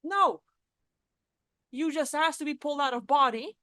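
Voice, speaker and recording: Woman, high-pitched, casual teaching talk, blunt and sweary, dry close sound. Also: fairly even intonation, fast, fairly bright tone, dry recording. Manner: casual and blunt, swears freely, acts out quoted reactions. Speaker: spiritual vlogger.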